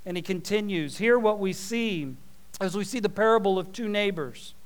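High-voiced animated preacher, clear tone. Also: male voice, normal speed. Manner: animated storytelling with folksy asides. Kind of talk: sermon.

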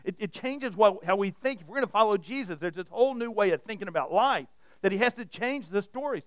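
A man's voice: high voice, animated, fast talker, no room sound, clean studio sound. A man preaching a sermon to a room of listeners, retelling stories and often restarting his words. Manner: storytelling, repeats and restarts words. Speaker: pastor. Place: church hall with audience.

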